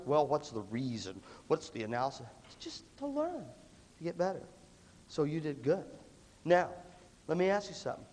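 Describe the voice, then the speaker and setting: A middle-aged man leading a workshop for students, energetic and playful, often acting out other people's voices. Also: high-pitched, slight background noise. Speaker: music clinician. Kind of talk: animated workshop talk to students. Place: large hall with a live audience. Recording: hall reverb from a big room.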